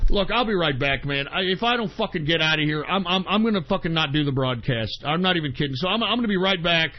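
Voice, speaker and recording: A man's voice: sits high, a little fast, hardly any pauses. A man hosting an internet radio show, ranting in exasperation, swearing heavily and repeating himself. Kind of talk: angry on-air rant. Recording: dull lo-fi stream audio.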